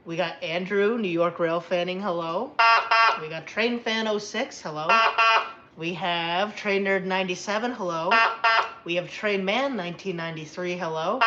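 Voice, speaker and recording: A woman's voice: lowish voice, moderate pace, fairly bright tone. Woman, livestream host, tired, rambling, chatty, muffled sound, faint hiss. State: tired after a long day. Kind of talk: casual livestream chat.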